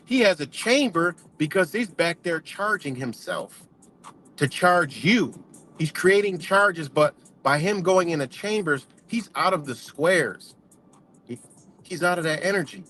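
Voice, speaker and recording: Profane ranting man, high-ish voice. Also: animated, unhurried, sharp tone, a little hiss or hum. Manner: profane, heated, emphatic. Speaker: vlogger. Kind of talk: heated casual rant.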